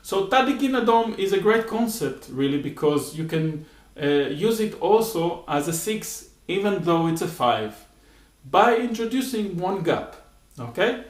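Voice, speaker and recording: A man's voice: sits high, expressive, a little slow, echoey room. A man teaching rhythm syllables patiently, explaining step by step and often checking in with "okay?". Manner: frequent "uh" and "okay?" check-ins. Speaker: music teacher. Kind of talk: spoken rhythm lesson with sung syllable demonstrations.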